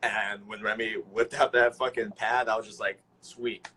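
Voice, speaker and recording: A young man hosting a casual phone livestream, talking excitedly and swearing nonstop. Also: on the low side, moderate pace, slight background noise, rough recording. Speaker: livestream host.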